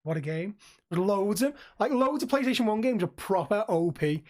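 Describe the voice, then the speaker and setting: A man's voice: high-pitched, lively intonation, a little mellow. A man, co-hosting a podcast, telling stories in casual chat with lots of swearing and restarts. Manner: swearing, storytelling, quick rambling restarts. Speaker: podcast co-host.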